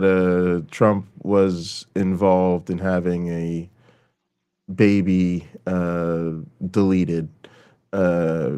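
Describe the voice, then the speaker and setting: Profane, animated man ranting. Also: low-pitched, clear, resonant tone. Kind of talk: casual podcast chat.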